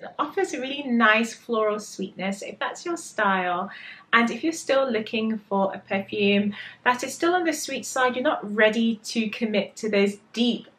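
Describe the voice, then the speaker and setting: A woman's voice: mid-range voice, a bit bright. An English woman reviewing perfumes in a vlog, talking with enthusiastic, gushing detail about how they smell. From England. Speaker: perfume vlogger.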